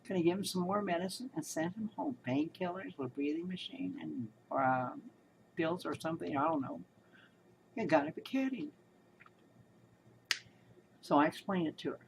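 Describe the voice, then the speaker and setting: Recounting a hospital experience, a woman gives casual commentary in a low, creaky voice at a moderate pace, indignant, emphatic and rambling, with long pauses. The background is noisy.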